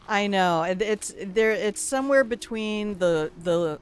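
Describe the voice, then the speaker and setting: A woman's voice: medium pitch, slow pace, long pauses, slight background noise. An older woman streaming a video game live, chatting casually, swearing now and then and reading in-game notes aloud. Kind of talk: casual live gameplay commentary.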